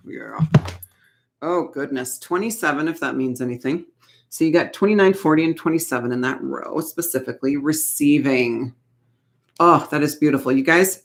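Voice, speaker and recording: A woman's voice: extremely low pitch, gravelly, a little hiss or hum. A woman in her thirties doing a casual tarot card reading, chatty and reassuring with playful asides.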